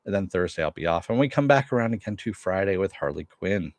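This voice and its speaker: A man's voice: low voice, animated, fast talker, dry recording. A man hosting his own review show, signing off in a rambling, offhand way with asides. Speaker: host. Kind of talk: casual review sign-off.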